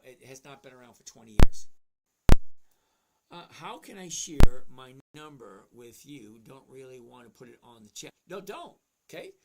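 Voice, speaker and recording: A man's voice: on the high side, vocal fry, darkish tone. A man in his sixties hosting a casual livestream, reading viewer questions and answering them bluntly and chattily. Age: 60s. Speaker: host.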